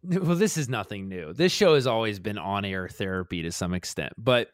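A man's voice: lowish voice, animated, normal speed, dry recording, clean studio sound. A man co-hosting a podcast, talking in a rambling, self-reflective way with many restarts. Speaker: podcast co-host. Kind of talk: casual chat.

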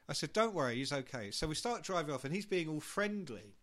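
A man's voice: fairly high pitch, sing-song, brisk, fairly bright tone. A man telling a long backstage anecdote in casual chat, swearing freely and acting out the people in it. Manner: swearing storyteller who acts out voices. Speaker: podcast co-host.

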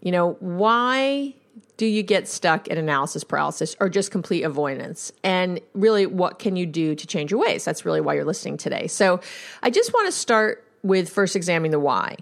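A woman's voice: lowish voice, sing-song, normal speed, gravelly. Woman host, counselor, casual storyteller, conversational asides. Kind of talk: casual podcast monologue.

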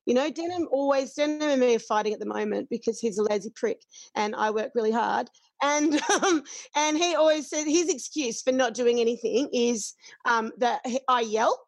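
A high-pitched woman chats openly and laughs easily. She swears without a second thought. The sound is dry and close. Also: normal speed, dry recording. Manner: candid, swears freely, laughs often. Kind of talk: casual chat.

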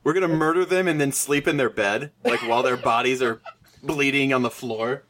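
A man's voice: mid-range voice, moderate pace, a bit bright. A man playing a tabletop role-playing game, joking with enthusiasm. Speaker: player. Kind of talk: casual tabletop game chat.

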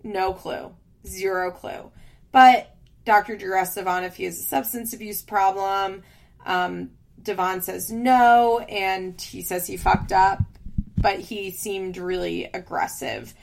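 Gravelly-voiced woman chatting frankly. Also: mid-range voice, slow. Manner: frank and opinionated, swears casually, fillers like "like". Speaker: reality TV recap host. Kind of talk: casual recap chat.

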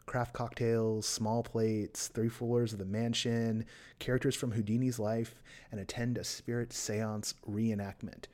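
A man's voice: medium pitch, warm tone. Playful man hosting a podcast. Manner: playful, self-mocking asides. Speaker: podcast host. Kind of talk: casual chat.

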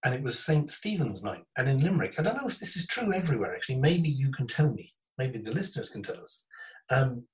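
A man hosting a podcast, spinning a rambling, animated anecdote with plenty of asides. His voice sits a bit back from the microphone, with a mid-pitched, ordinary tone. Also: quick pace, distant mic, poor audio. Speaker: podcast host. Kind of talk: casual storytelling chat.

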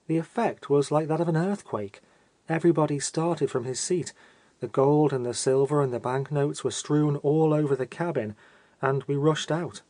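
Male audiobook reader, measured storytelling, slightly high voice, dry close sound. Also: mellow, dry recording. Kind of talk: scripted first-person narration.

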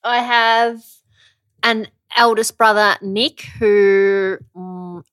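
A woman's voice: medium pitch, steady tone, extremely slow, fairly bright tone, smooth, dry recording. A young woman co-hosting a podcast, chatting casually and teasing her co-host. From Australia. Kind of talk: casual chat.

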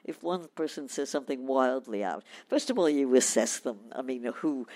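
A man on a panel calmly explaining how he builds programs from interviews. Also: medium pitch. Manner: measured, restarts phrases, acts out quotes.

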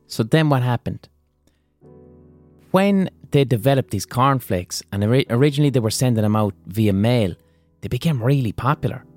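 A man hosting a podcast, delivering a comedic monologue with profane, animated ranting. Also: mid-range voice, normal speed, soft background music. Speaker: podcast host.

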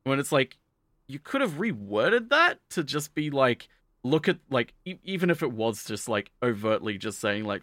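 A man on a casual anime podcast, recapping an episode in a loose, rambling way. He fills his sentences with "like" and acts out each character's lines as he goes. His voice sits at a middle pitch, and the sound is close and dry with no room echo. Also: sing-song, normal speed, fairly bright tone. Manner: rambling, heavy use of "like" fillers. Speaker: podcast co-host.

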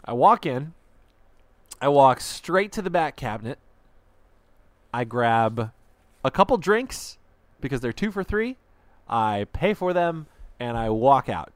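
A man's voice: mid-range voice, very animated, slow, pauses often, dry recording. A young man telling a story in a casual podcast chat, rambling and self-deprecating with lots of fillers.

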